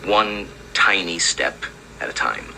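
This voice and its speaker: Brief: a soothing, slow, low-voiced advisor, film clip. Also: male voice, lively intonation, vocal fry, sharp tone, slight background noise, full character voice, poor audio. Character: calm man explaining small goals patiently.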